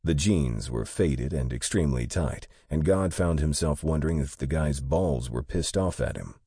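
A man narrating an audiobook in a steady, matter-of-fact way. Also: extremely low pitch, normal speed, husky, no room sound, studio quality.

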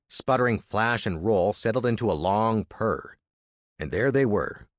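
A man reading an audiobook in an expressive, dramatic manner, recorded on a close studio mic. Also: fairly low pitch, dry recording. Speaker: audiobook narrator. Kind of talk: scripted audiobook narration.

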